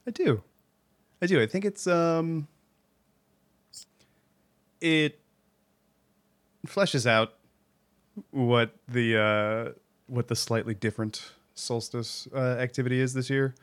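Rambling baritone man on a podcast. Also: takes it slowly, pauses often, clean tone. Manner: rambling, hedging, laughs often. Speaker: podcast co-host. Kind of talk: casual chat.

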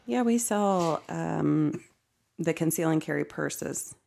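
Brief: woman guest, heavy vocal fry, lively emphatic storyteller. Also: sits low, slow pace. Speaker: podcast guest, co-owner. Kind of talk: casual chat.

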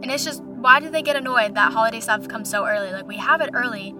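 This young podcast host talks fast in a high-leaning voice while music plays behind her. She's chatty and animated, spinning a casual story and leaning heavily on "like" as filler.

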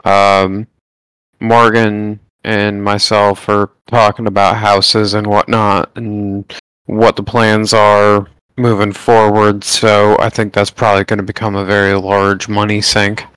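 A man's voice: lowish voice, completely flat delivery, takes it slowly, a bit bright, smooth, no room sound, poor audio. A man co-hosting a podcast, chatting casually in a laid-back way with some swearing. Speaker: podcast co-host. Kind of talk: casual chat.

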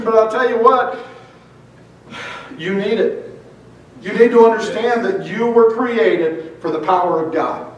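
A man with a high voice preaches a fervent sermon as pastor, his words often stumbling and repeating before he pushes on. He is heard from some distance off the mic, and a heavy echo hangs on every phrase. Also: measured pace, long pauses, highs cut off. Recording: very echoey hall, mic far off.

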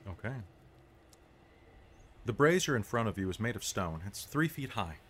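A man narrating as dungeon master, describing scenes in a calm, measured way. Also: fairly low pitch, husky. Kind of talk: narrating a tabletop game.

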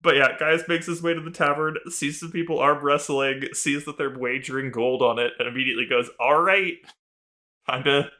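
A man's voice: mid-range voice, level tone, brisk, hardly any pauses, bright, forceful tone. A man co-hosting a podcast, recapping a TV episode in casual, rambling chat full of fillers. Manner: rambling, full of "like" and "um", laughing often. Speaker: podcast co-host.

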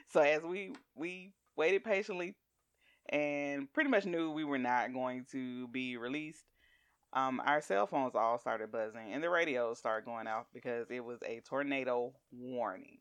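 A middle-aged woman telling a story in casual chat, animated and laughing often as she acts out voices. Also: rumbling low, a little slow, no room sound.

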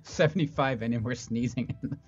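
A man co-hosting a podcast, teasing his partner with quick remarks. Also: medium pitch, slightly rough, dry recording, soft background music. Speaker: podcast co-host. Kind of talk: casual podcast chat. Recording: slightly dull lo-fi sound.

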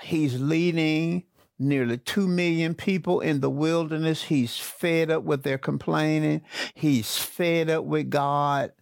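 Gravelly-voiced preacher guy, slow and deliberate, repeats every point, dry close sound. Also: a little high, fairly even intonation, no echo. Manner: slow, repeats key phrases for emphasis. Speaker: pastor. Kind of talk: sermon.

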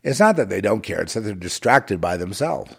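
Husky low-voiced man preaching. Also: sing-song, fairly quick, a bit bright. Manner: sardonic, digressive, moralizing. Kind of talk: rambling preachy monologue.

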